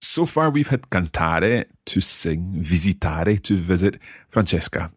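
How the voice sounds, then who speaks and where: A man's voice: sits low, animated, a little slow, slightly rough, no room sound, studio quality. A man hosting a language lesson podcast, patiently coaching a learner through verb drills. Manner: patient, encouraging, drills pronunciation. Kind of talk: teaching.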